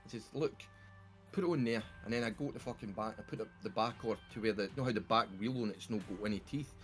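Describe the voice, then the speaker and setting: Man, Scottish accent, casual voice-call chat, heavy swearing, loud game music in the background. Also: on the low side, fast talker. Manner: swears a lot, rambling animated storytelling. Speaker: game streamer. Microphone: desktop mic on a voice chat.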